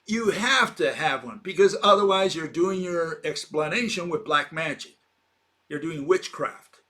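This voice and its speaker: A man's voice: on the high side, unhurried, sharp tone. Emphatic man lecturing with fillers. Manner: argumentative, emphatic, with frequent fillers and rhetorical questions. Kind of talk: informal explanatory monologue.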